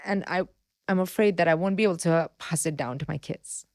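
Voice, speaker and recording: A woman's voice: lowish voice, no room sound, clean studio sound. A woman raised in India in her thirties, talking candidly and expressively as a podcast guest. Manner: heartfelt, expressive, quick to laugh. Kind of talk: candid interview talk.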